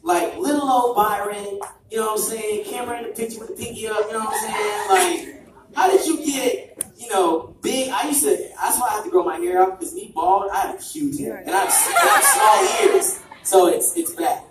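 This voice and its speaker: A man preaching in an energetic storytelling way to a young crowd, restarting phrases and shouting for emphasis. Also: high-pitched, fairly quick. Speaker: church youth preacher. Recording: echoey hall, distant mic, background noise.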